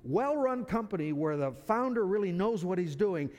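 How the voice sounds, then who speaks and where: Lively preacher man in a reverberant hall. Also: high-pitched, moderate pace. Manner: conversational, repeats words as he restarts. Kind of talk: sermon.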